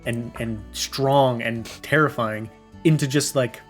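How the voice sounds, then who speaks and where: Young man, middle pitch, critical opinionated podcast talk, faint music in the background. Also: fairly even intonation, slow. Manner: opinionated, critical, rambling with fillers. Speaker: podcast co-host. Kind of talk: casual chat.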